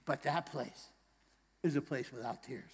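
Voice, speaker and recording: Pastor, hushed to rousing, in a reverberant hall. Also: male voice, medium pitch, measured pace, slightly rough. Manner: swings from hushed tender passages to loud emphatic rallying; jokes with the congregation and asks them questions. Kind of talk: sermon. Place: church sanctuary.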